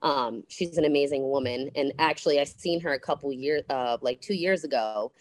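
A woman's voice: very deep voice, moderate pace, dry recording. A woman therapist, a podcast guest, recounting her past frankly and animatedly, swearing freely. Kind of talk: candid storytelling interview.

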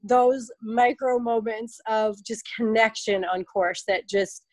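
A woman in her thirties talks in a fairly high voice, full of fillers and quick asides. She acts out the people in her stories with lively voices. The sound is close and dry. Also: dry recording, poor audio. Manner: chatty storyteller, acts out quotes with lively voices. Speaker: guest, obstacle race athlete. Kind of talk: casual podcast interview.

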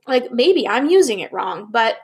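A woman's voice: on the high side, very animated, moderate pace, slightly rough. A woman speaking candidly to her viewers, questioning herself and swearing now and then. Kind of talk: candid personal talk to camera.

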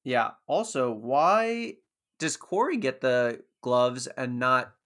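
A man's voice: medium pitch, big pitch swings, takes it slowly, a bit bright. A man co-hosting a podcast, casually and analytically talking through a TV episode with frequent fillers. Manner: thoughtful, analytical, uses many fillers. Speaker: podcast co-host. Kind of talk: casual chat recapping a TV show.

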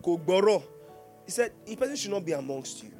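A man's voice: high-pitched, animated, a little fast, darkish tone, soft background music. A man with a Nigerian accent preaching a sermon as pastor, joking and laughing often and asking the congregation questions.

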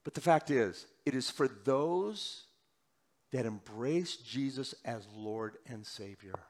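A male pastor delivering a sermon, moving between loud urgent preaching and quiet, hushed passages. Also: medium pitch, lively intonation, slow pace.

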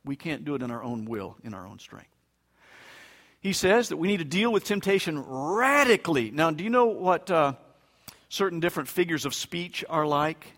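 A male pastor preaching a sermon in an emphatic, conversational way with touches of humor, his voice swinging between loud bursts and quiet asides. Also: a little high. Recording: long reverb of a large hall.

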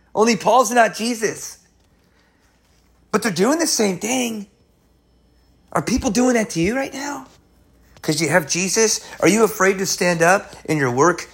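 High-voiced, excitable man preaching. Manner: excitable, slangy, keeps saying man. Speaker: Bible teacher. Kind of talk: casual Bible study talk.

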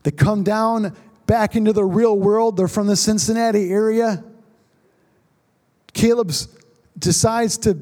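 Male pastor, high-pitched voice, dramatic sermon storyteller who drops to a hush for tension. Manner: dramatic storytelling, drops to hushed tones at tense moments.

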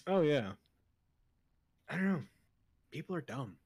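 A man's voice: a little high, big pitch swings, unhurried, darkish tone, husky, dry recording. A young man co-hosting a casual podcast, rambling and trailing off mid-thought with frequent laughs. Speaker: podcast co-host.

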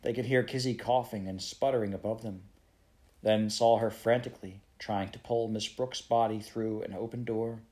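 A man reading a children's novel aloud in a steady storytelling manner. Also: on the low side, normal speed. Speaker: audiobook reader.

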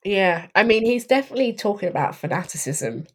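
A woman casually discussing a horror film, chatty, laughing often and filling pauses with ums. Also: medium pitch, very animated. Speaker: podcast co-host.

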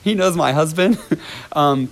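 A man's voice: a little high, measured pace. A man, a dance teacher, telling a personal story in a chatty vlog, with laughs, ums and restarts.

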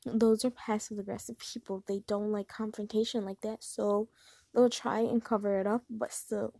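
A woman's voice: medium pitch, flat delivery, moderate pace, dark tone, no room sound. A young woman vlogger giving casual advice in a chatty, rambling way with lots of fillers. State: hiccups.

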